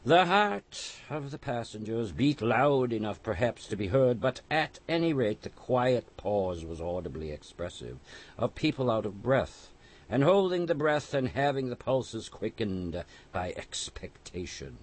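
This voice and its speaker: Husky, expressive male audiobook narrator. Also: medium pitch, unhurried. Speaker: audiobook reader. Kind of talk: scripted narration.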